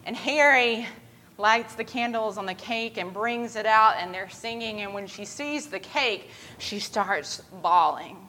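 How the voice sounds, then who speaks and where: A woman preaching a sermon, retelling a story with lively voiced quotes. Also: a little high, unhurried, rough recording.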